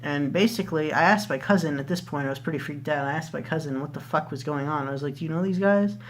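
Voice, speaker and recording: A man's voice: fairly high pitch, steady tone, fast talker. Young male vlogger, casual storyteller, loose and profane delivery. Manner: rambling, swears freely, many fillers.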